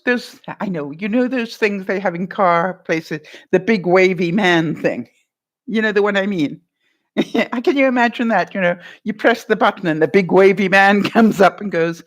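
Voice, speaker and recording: A woman's voice: mid-range voice, normal speed. A middle-aged woman vlogger chatting casually with her live chat, reading out comments, laughing often and acting out little voices.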